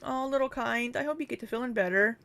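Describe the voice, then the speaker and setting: A young woman chats with her livestream audience in a relaxed, casual way. She reads out viewer names and thanks them one after another. Her replies come with frequent, easy laughter. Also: on the high side, fast talker, vocal fry. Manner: laughs often between chat replies. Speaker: livestream host. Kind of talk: casual livestream chat reading.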